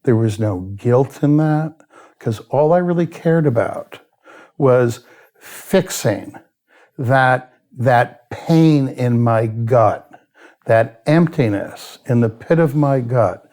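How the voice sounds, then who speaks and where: A man's voice: medium pitch, takes it slowly, a little mellow. A man, a guest in an interview who tells his story candidly, bluntly and with a lot of swearing, and sometimes laughs at himself. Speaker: addiction expert guest.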